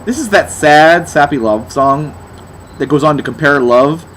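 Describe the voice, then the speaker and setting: A man's voice: on the high side, lively intonation, measured pace, a bit bright, slight background noise. A young man giving a sarcastic, exasperated album review, mocking as he goes.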